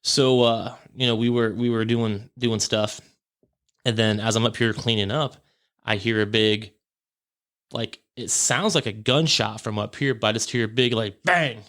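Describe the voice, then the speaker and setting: A man's voice: fairly low pitch, fairly even intonation, moderate pace, fairly bright tone. A man hosting a podcast, telling a story in a casual, rambling way and correcting himself as he goes. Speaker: podcast host. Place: home podcast room.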